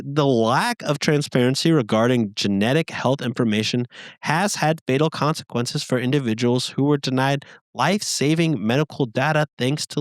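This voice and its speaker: A man co-hosting a podcast, casually reading listener messages aloud with lively, rising emphasis. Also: mid-range voice, dry recording.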